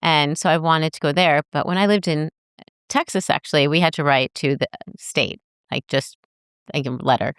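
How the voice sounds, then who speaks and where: A woman's voice: sits low, normal speed, clear, resonant tone, no room sound, clean studio sound. A woman in her forties, a journalist guest on a podcast, chatting casually and telling stories from her past. She acts out her old thoughts as little quotes. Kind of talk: casual interview chat.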